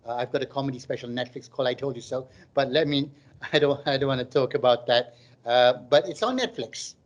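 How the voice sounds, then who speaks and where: A man's voice: mid-range voice, a little fast. A middle-aged man doing stand-up comedy on a live online stream. He chats and jokes and reads out viewers' comments. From Malaysia.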